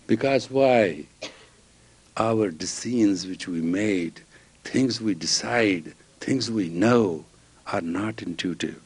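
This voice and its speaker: A man's voice: fairly low pitch, slow pace, husky. Man teaching with jokes and stories. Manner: storytelling, joking, acts out both sides of dialogues. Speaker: spiritual teacher and counselor. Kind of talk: lecture with anecdotes, then guided meditation.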